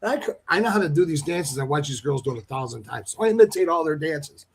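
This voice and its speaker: A male host with a notably high voice tells a comic story about himself. He talks in a playful, joking way and plays the story up for laughs. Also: expressive, fast, darkish tone, husky. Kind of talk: casual storytelling.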